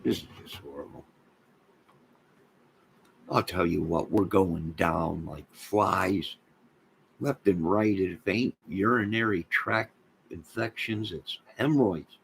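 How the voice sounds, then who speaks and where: A man with a low, gravelly voice rambles through a casual livestream chat, cracking deadpan jokes at his viewers. Faint noise hums under the recording. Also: slow, long pauses, rough recording. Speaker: livestream host.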